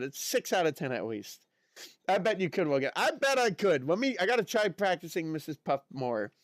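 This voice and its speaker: Male streamer, casual chat, excitable, bit high-pitched, animated, dry sound. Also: no room sound. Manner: chatty, excitable, lots of fillers and exclamations. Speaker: live streamer. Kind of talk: casual live-stream chat, reading chat messages.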